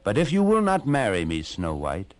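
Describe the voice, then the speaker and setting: A man voicing a young prince freed from a spell, speaking low and earnestly. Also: huge pitch swings, normal speed, no room sound.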